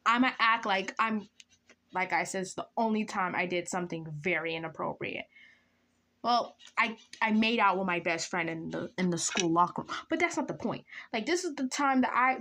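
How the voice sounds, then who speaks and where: A young woman vlogger telling a school-days story while doing her makeup, dramatic and animated, dropping into whispers and jumping into high squeals.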